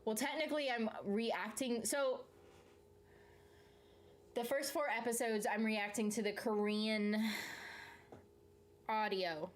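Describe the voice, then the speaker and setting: A woman's voice: fairly high pitch, fairly even intonation, slow, pauses often. A woman from the South, chatting casually on a live stream, reading out viewer comments and answering them in a rambling way, swearing freely and laughing mid-sentence. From Southern United States.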